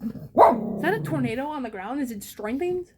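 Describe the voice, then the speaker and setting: A woman's voice: sits high, expressive, normal speed, crowd noise. A scared woman vlogging from a home basement during a storm, anxiously asking the same questions over and over. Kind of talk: live vlog during a storm.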